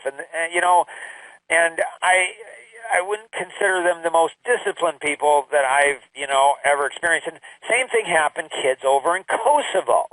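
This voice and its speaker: An older man talks to his grandchildren in a loose, rambling way, his fairly high voice leaping up on emphatic exclamations. The sound is dry and slightly distant from the mic. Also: a bit bright, no room sound. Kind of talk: casual recorded talk to family.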